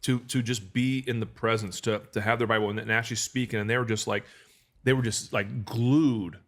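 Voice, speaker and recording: A man in his thirties with a lowish voice, hosting a relaxed podcast conversation. He talks earnestly and rambles, restarting his sentences and leaning on fillers. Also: fairly quick. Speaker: podcast host. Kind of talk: casual podcast chat.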